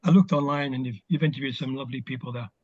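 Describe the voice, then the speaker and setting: A man's voice: mid-range voice, steady tone, racing, dry recording, lo-fi sound. An older man, a former footballer, chatting as an interview guest over a video call, telling stories with plenty of fillers. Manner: reminiscing, warm storytelling with fillers. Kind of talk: casual video call chat.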